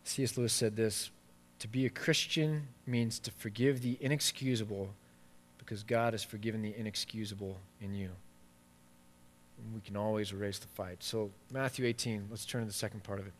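A man preaching a sermon, swinging between quiet asides and loud, emphatic stretches. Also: lowish voice, steady tone, moderate pace, slight background noise. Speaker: pastor. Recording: long reverb of a large hall.

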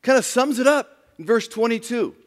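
A man preaching a sermon as pastor, dramatic, swinging between loud emphasis and hushed near-whispers. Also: very high voice, animated, moderate pace, long reverb tail.

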